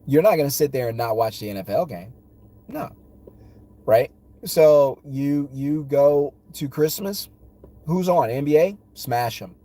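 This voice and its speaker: A man's voice: on the high side, animated, measured pace, mellow. A man vlogging his opinions on sports, talking in emphatic, punchy, repeated phrases while in a car. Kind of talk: casual opinion rant.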